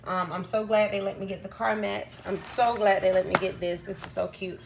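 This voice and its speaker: This woman's medium-pitched voice is creaky and fairly even in intonation, moving fairly quickly, with a little hiss or hum in the audio. She's a YouTube vlogger at home, chatty and full of ums as she tells a long story and acts out the people she met.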